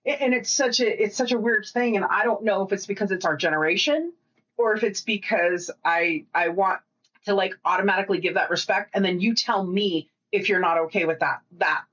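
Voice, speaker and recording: A woman co-hosting a podcast in casual chat, rambling and swearing freely with quick asides. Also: medium pitch, a bit bright, lo-fi sound. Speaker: podcast co-host.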